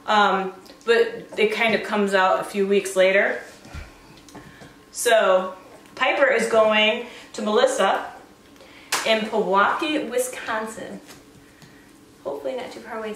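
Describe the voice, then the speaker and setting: A woman breeder chatting casually as she shows a litter of puppies, often cooing at them in a high baby-talk voice. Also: fairly even intonation, slow pace, pauses often, a bit bright, slight background noise. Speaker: dog breeder showing a puppy litter. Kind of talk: casual vlog chat. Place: indoor room with the puppies. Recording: roomy, distant camera sound.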